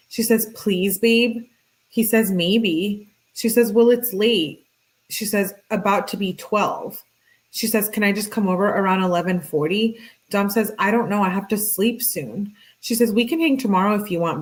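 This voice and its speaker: A young adult woman reading text messages aloud with commentary, her voice lifting slightly for the girl's lines. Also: low-quality recording. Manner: flat reading voice, pitch lifts for the girl's texts. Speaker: true crime commentator.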